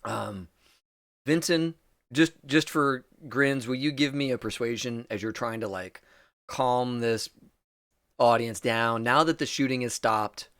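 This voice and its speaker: A man's voice: medium pitch, unhurried, fairly bright tone, clean tone, no echo, studio quality. A man narrating as game master, loose and chuckling, with many fillers. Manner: loose, laughing, lots of fillers.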